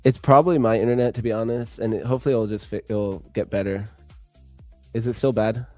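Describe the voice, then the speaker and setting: A man's voice: on the low side, fairly even intonation, quick pace, dark tone, soft background music. Easygoing man on a video call. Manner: easygoing, friendly, says "dude" a lot. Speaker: co-host on a livestream. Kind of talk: casual chat on a livestream. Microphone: video call, remote setup.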